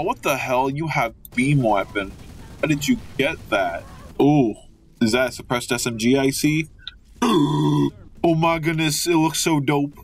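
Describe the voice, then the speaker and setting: A young man giving goofy, excitable commentary while playing a video game, joking and trash-talking the enemies. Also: mid-range voice, husky. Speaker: gamer. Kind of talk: let's play commentary.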